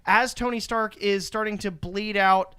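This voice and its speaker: A man hosting a podcast, rushing through a casual movie recap with plenty of profanity. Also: high voice, fairly even intonation, bright, forceful tone, clear, resonant tone. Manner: rushed, profane storytelling. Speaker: podcast host.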